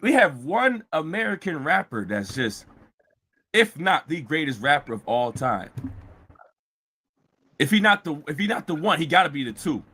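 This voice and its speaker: Bright-voiced man ranting on a stream. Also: fairly high pitch. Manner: heated, mocking, repetitive ranting with frequent shouting. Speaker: show host. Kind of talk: live-streamed commentary rant.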